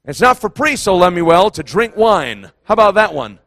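A man preaching a fervent sermon, emphatic and impassioned, repeating phrases and surging to near-shouts. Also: high-pitched, very animated, moderate pace, no echo.

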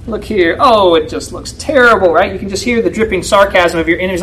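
Brisk and emphatic, a church elder preaches an expository sermon, regularly appealing to his listeners with "right?" His tone rises into pleading, then sinks into quiet asides. Slight background noise and poor audio mark the recording.

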